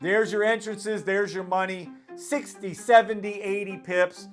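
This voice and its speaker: A man's voice: high voice, fairly even intonation, measured pace, soft background music. A man hosting a live trading stream, hyped and repetitive, cheering and swearing as he talks viewers through his calls. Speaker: livestream trading host. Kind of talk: excited live trading commentary.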